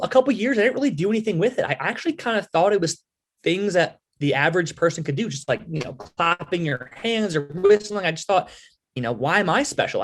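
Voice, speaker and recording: A man in his twenties from the Philadelphia area, a podcast guest telling his story with lively energy and many fillers. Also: high voice. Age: 20s. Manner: animated storyteller, lots of fillers. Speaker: podcast guest, halftime performer. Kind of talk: casual storytelling interview.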